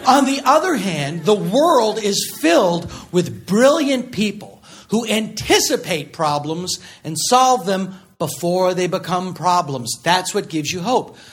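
A man performing a stand-up comedy set with a sardonic, deadpan delivery. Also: sits high, a little slow, hardly any pauses. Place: comedy club stage before a laughing audience. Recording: live recording with audience noise.

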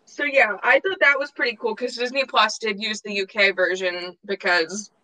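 A woman's voice: mid-range voice, steady tone, moderate pace, bright, forceful tone, no room sound, rough recording. A young woman co-hosting a podcast, chatting casually with a friend, giggly and full of fillers. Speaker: podcast co-host. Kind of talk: casual chat.

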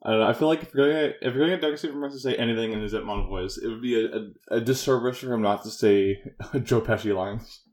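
A man co-hosting a podcast in casual chat, easygoing and quick to laugh. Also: medium pitch, a little mellow. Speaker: podcast co-host.

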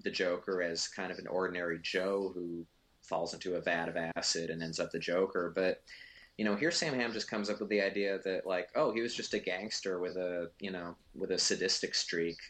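A man's voice: deep voice, fairly even intonation, a little fast, fairly bright tone. A man giving casual, rambling film commentary as co-host, full of fillers and restarts.

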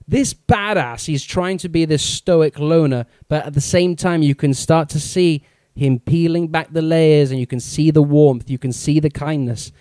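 A man with a slightly raised pitch talking through a film in a casual review chat, enthusiastic and often breaking into laughter. His voice sits close and dry, with no room sound around it. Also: mellow, no room sound. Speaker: podcast co-host.

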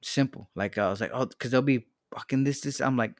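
A man's voice: medium pitch, brisk, dry recording. Rambling, cursing man, dry close sound. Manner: rambling, restarts often, swears freely. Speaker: podcast co-host. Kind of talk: casual profane chat.

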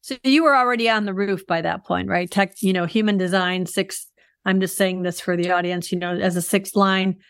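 Woman host, interviewer, mid pitch, dry sound, brief affirming questions. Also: steady tone, a little fast, clean tone, no room sound. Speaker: podcast host.

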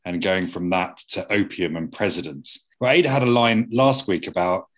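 A man with a very low, husky voice steadily recaps what happened in an episode. He lays out the plot points one by one in an easygoing podcast chat. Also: normal speed, fairly bright tone. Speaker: podcast co-host. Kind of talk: casual TV discussion.

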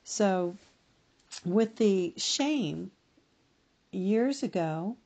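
A middle-aged woman speaking as a podcast guest, giving slow, reflective personal testimony and often correcting herself mid-sentence. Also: medium pitch, gravelly, warm tone.

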